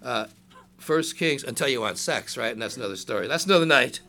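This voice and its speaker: A man's voice: medium pitch, lively intonation, brisk, pushed and bright, a little hiss or hum. A man in his sixties preaching a sermon in a conversational way, joking with the congregation and reading scripture aloud in a raised voice. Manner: conversational preaching with asides and jokes. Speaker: pastor.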